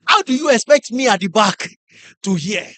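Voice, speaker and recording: A middle-aged man with a Nigerian English accent giving a lively motivational talk to teachers, acting out classroom stories and putting questions to the audience. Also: sits high, normal speed, dry recording. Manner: animated storyteller, acts out classroom scenes, asks the audience questions. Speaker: conference speaker.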